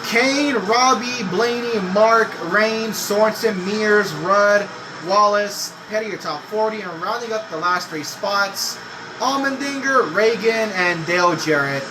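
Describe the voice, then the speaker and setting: Young guy yelling at a racing game, pretty high voice, engine noise clearly behind him. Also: measured pace. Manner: excitable, swearing, yells at the game. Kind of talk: gameplay commentary.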